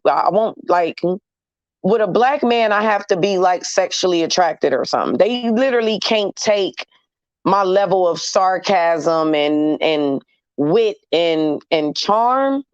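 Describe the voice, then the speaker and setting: A woman's voice: lowish voice, no room sound. A blunt, candid woman speaking, chatting loosely with viewers and slipping into slang. The sound is dry and close, with a dull, slightly muffled tone. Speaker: host talking to viewers. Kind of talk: casual chat to a live audience.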